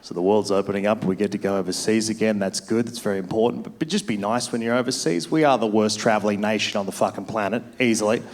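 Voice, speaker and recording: A man's voice: fairly low pitch, fairly even intonation, fast, few pauses, slight background noise. A man from Australia doing a stand-up comedy set on a club stage. He tells a profane story on a handheld mic.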